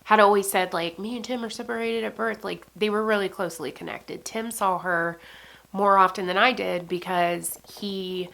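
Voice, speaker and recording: A woman in her thirties with a gravelly, fry-edged voice, talking straight to camera about a loss. She speaks casually and with raw emotion, filling her sentences with "like" and the odd curse. Her pitch sits in a middle range for a woman. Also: steady tone, moderate pace, a bit bright. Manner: casual, fillers, swearing, tearful moments. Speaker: beauty vlogger. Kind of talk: emotional personal storytelling.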